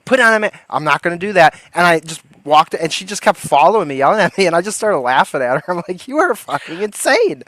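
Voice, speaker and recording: A man's voice: on the high side, fast talker, few pauses, fairly bright tone. A young man hosting a livestream, chatting casually with lots of laughter and swearing, then reading a story aloud. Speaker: livestream host.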